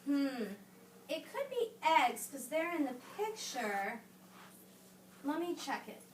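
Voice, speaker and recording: A woman teacher reading a picture book aloud to young children and patiently coaching them, hushing them when they call out. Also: high voice, sing-song, slow, slight background noise. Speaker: elementary school teacher. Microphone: camera some distance away. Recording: roomy classroom sound, distant mic.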